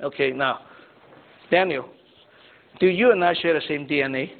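A man's voice: fairly high pitch, normal speed, creaky. A man teaching a Bible class, quizzing his students and checking in with "okay?" and "right?" after nearly every point. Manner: asks students questions, tags lines with "okay?" and "right?". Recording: tinny phone-like sound.

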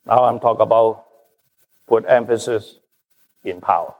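A man preaching a sermon as pastor, slow and emphatic, his stresses rising and falling. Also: lowish voice, phone-quality sound. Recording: long reverb of a large hall.

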